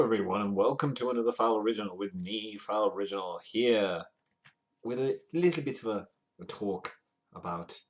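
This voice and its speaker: A low-pitched man from the UK hosts a live comedy news stream. He talks in a playful, rambling way and pokes fun at himself as he goes. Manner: playful, rambling, self-mocking. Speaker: host of a comedy news show.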